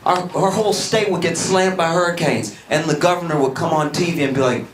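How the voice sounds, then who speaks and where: A man from Louisiana doing stand-up comedy, telling stories with an animated delivery and jumping into shouted character voices, on a comedy club stage. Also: a little high, a little fast, few pauses. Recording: roomy live club recording, loud crowd noise.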